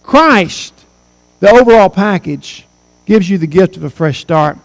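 A man's voice: high voice, lively intonation, unhurried, big-room sound, rough recording. A man in his forties preaching a sermon as pastor, earnest and emphatic, repeating key phrases. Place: church sanctuary.

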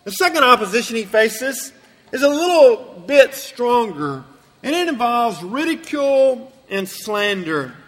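A man preaching a sermon to his congregation, with slow, emphatic, drawn-out phrasing. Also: high-pitched, fairly bright tone. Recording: long hall reverb.

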